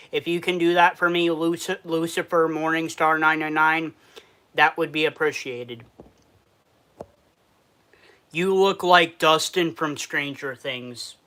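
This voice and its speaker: Bright, forceful and clean, his voice sits on the high side. The New York-accented Western New Yorker reads viewer comments aloud and answers them on a casual food review livestream, sad underneath.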